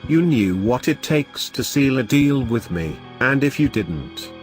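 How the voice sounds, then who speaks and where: A man's voice: medium pitch, sing-song, unhurried, faint music behind. A man voicing a cruel female trickster spirit who taunts and sneers, in a horror storytelling video. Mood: mocking.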